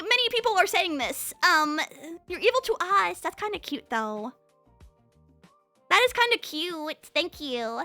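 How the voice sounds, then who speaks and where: Young streamer girl, super high bright voice, talks fast, dry mic w faint music. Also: no room sound. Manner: very fast, bubbly talk. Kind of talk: casual chat with live chat.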